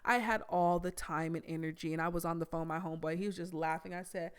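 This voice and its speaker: A young adult woman, hosting a podcast and telling a story in a blunt, animated way with plenty of swearing. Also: lowish voice, fast, clear, resonant tone. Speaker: podcast host. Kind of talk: casual storytelling monologue.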